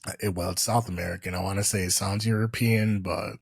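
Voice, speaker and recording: A man with a low, gravelly voice and a husky edge hosts a relaxed podcast conversation. He speaks in an easygoing, meandering way, full of "um" and "you know." The sound is close and dry. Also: quick pace, dry recording. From US East Coast. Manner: easygoing, rambling, frequent fillers. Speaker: podcast host. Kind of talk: casual interview chat.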